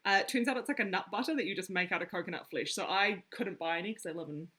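A woman's voice: lowish voice, quick pace, sharp tone, breathy edge. A woman co-hosting a casual chat, giggly and candid. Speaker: podcast co-host.

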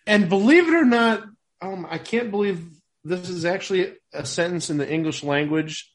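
Wry chatty man, high voice. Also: moderate pace. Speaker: podcast co-host. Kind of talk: casual chat.

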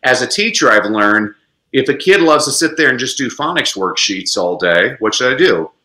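An expressive man talking as an interview guest. His voice swoops widely up and down, with a bright edge. The room around him rings with echo. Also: moderate pace. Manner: lively, expressive, sweeps into high pitch for emphasis. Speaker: podcast guest, educator. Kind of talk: animated interview talk.

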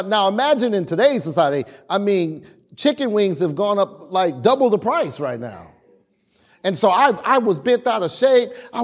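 A man's voice: high-pitched, normal speed, husky. A man preaching a sermon and telling stories from his marriage, acting out his own lines and calling on the congregation to answer. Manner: animated storytelling with acted-out quotes; calls for responses from the congregation. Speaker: pastor.

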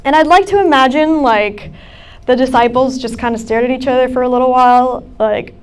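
A woman's voice: high voice, brisk, clear, resonant tone. A young adult woman gives a casual, chatty sermon to students, with many fillers. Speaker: campus ministry speaker. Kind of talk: sermon talk.

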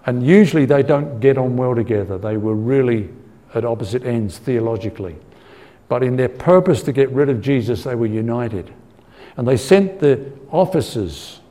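This warm, medium-pitched male voice belongs to a man leading a Bible study in sermon form, talking conversationally. Earnest in tone, he seeks his audience's agreement and repeats himself as he works through ideas, with long hall reverb around him.

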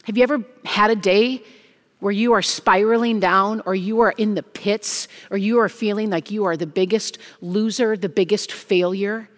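A young adult woman, a junior high pastor, preaching an animated chapel sermon and acting out the voices she quotes. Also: moderate pace. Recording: long hall reverb.

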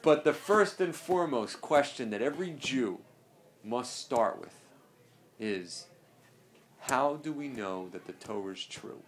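A man's voice: medium pitch, expressive, measured pace. A male teacher lecturing a religious class. He speaks with emphasis and leans on repetition, circling back to drive each point home. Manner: emphatic, repeats key phrases.

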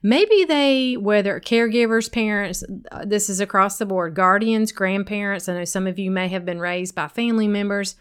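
A middle-aged woman hosting a self-help talk, with a noticeable accent and a smooth, resonant voice at a mid pitch. She speaks straight to her listeners in a chatty, conversational way. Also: normal speed, few pauses.

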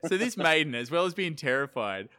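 A man's voice: on the high side, fairly quick, clear, resonant tone, no echo, studio quality. A man co-hosting a podcast, retelling an old legend in casual, joking chat full of swearing and laughter. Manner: animated, swearing, laughing, reads quotes aloud. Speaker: podcast co-host, storyteller.

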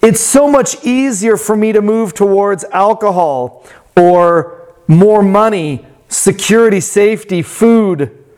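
A man preaching a sermon in a reflective way that turns animated when he tells a story. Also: sits high, slow. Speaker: pastor.

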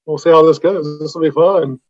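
A man's voice: a little high, steady tone, fairly quick, a little mellow, no echo. A middle-aged man co-hosting a podcast in casual chat from a small room at home. He jokes dryly, then talks in an earnest, reflective way with restarts. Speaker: podcast co-host. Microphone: remote home setup. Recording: dull lo-fi remote audio.

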